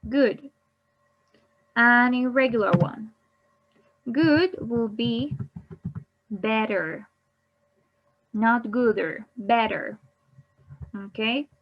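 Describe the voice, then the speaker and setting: Woman english teacher, very slow and deliberate, bit high voice, dull lo-fi sound. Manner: repeats each word, then gives the Spanish. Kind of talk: slow bilingual grammar lesson.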